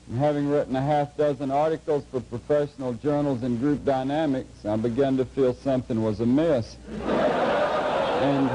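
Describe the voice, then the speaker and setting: A middle-aged man gives a lecture to a class, telling a humorous story in a dry, unhurried, folksy way. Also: on the high side, mellow, low-quality recording. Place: lecture hall before a live audience.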